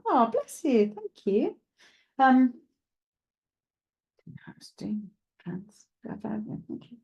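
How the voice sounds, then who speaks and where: Lady medium chatting to her viewers live, mellow voice, lots of um and restarts while she works it out. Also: a little high, big pitch swings, takes it slowly, vocal fry, pauses often. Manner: chatty, thinks aloud, addresses viewers directly; hesitant, with frequent restarts while working things out. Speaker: psychic medium. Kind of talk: live streamed mediumship reading.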